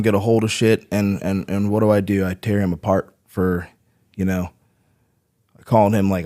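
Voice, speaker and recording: Low-voiced man telling a rough story. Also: darkish tone. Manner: profane, rambling, frequent "right?" tags. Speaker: podcast guest, Marine veteran. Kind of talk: casual personal storytelling.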